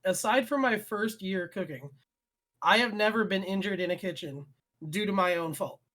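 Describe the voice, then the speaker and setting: A man's voice: sits high, normal speed, sharp tone. A young man telling a profane, heated story about his chef days on a casual podcast. He swears constantly and speeds up as he builds to the punchline. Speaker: podcast co-host, former chef. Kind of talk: casual chat.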